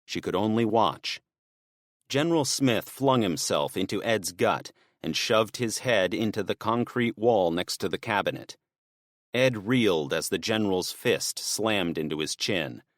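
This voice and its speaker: A man with a low-leaning voice narrates an audiobook from a script, steady and measured. The studio-quality recording has no echo.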